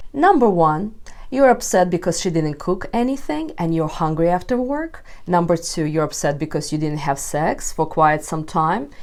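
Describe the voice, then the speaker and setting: A woman relationship coach giving advice straight to camera to her viewers, expressive and emphatic. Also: mid-range voice. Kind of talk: direct-to-camera advice video.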